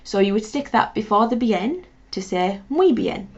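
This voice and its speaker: Woman language teacher, encouraging drill style, some vocal fry, muffled lo-fi audio. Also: medium pitch, animated, normal speed, a little mellow. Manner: encouraging, spells words out, repeat-after-me drills. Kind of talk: beginner language lesson. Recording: dull lo-fi sound.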